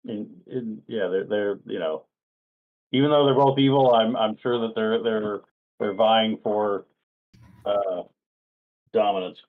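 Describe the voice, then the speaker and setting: A man with a lowish voice comes through a tinny, phone-like line as he chats at a tabletop game. He talks hesitantly, stammering and repeating words as he works out his thoughts. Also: a little slow, long pauses. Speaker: player. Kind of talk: casual game table chat.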